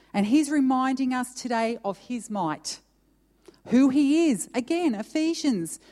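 A woman's voice: a little high, mellow. Woman preaching in a reverberant hall. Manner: reads scripture aloud with emphatic pauses, then talks it through. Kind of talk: sermon.

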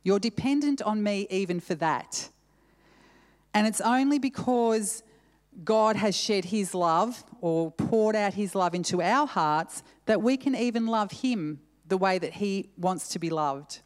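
A woman's voice: mid-range voice, a little slow. A woman preacher giving a sermon in an earnest, conversational way, repeating verses with shifting emphasis and adding casual asides. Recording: long hall reverb.

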